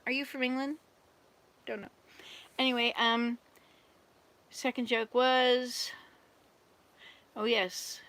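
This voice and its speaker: An older woman chats on a livestream from an RV, telling jokes and answering viewers as she goes. Her talk is loose and rambling, and her voice sits a little high. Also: bright, forceful tone. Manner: chatty, rambling, tells jokes and talks to viewers. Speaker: volunteer service missionary. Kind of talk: casual livestream chat. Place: RV at a summer camp.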